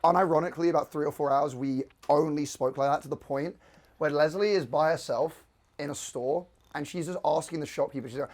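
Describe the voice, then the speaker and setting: A man's voice: fairly high pitch, brisk. A man with a British accent, chatting on a podcast in a playful, teasing way and laughing often. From United Kingdom. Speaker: podcast co-host. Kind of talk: casual chat.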